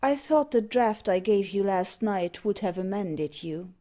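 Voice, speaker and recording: A woman voicing a sinister male keeper in an audiobook, calm and measured. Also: mid-range voice, lo-fi sound, natural voice. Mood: cold.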